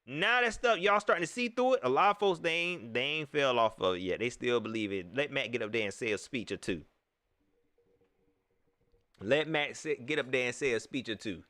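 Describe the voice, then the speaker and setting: Animated Southern man hosting a livestream. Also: normal speed, no room sound. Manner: animated, swings pitch high when riled, laughs often. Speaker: host. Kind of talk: casual live-stream chat.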